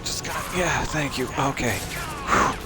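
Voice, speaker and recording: A man's voice: medium pitch, a little slow. A man streaming a video game, giving casual, playful commentary with joking asides. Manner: playful, joking asides and silly sing-song bits. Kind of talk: casual let's-play commentary. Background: loud game music.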